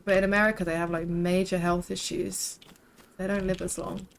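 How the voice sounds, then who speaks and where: A woman's voice: fairly low pitch, little pitch movement, normal speed, vocal fry, a little hiss or hum, low-quality recording. A young woman, chatting casually and rambling while live-streaming a game, swearing freely.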